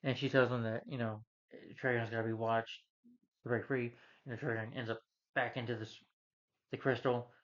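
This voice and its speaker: A man's voice: mid-range voice, little pitch movement, moderate pace, a bit bright. A man recapping a movie plot in a casual, rambling way, with many fillers. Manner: rambling, frequent "you know" fillers. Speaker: movie reviewer. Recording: dull lo-fi recording.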